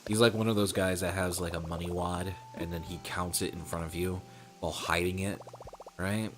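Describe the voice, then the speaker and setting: A man's voice: low voice, steady tone, moderate pace, music in the background. A man streaming a game, telling a story about a rude customer in a casual, exasperated, profane way. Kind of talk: casual storytelling while gaming.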